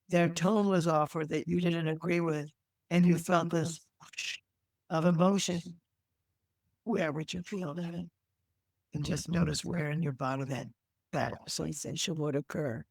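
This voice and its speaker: A Tantra teacher guiding listeners to notice feelings in the body, in a gentle, coaching way. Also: male voice, fairly high pitch, vocal fry, no echo. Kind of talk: guided body-awareness talk.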